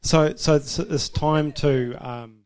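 A man's voice: on the high side, fairly even intonation, slow, a little mellow, clear, resonant tone. A man giving an informal, self-deprecating testimony about marriage to a church audience, laughing often. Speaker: speaker sharing about marriage.

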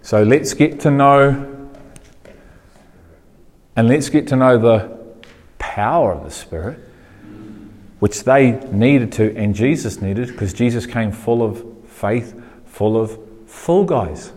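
A man preaching a sermon to a congregation, asking questions and repeating phrases, getting louder and higher when he gets going. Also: slow pace, big-room sound. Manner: animated preaching, rising in pitch when fired up.

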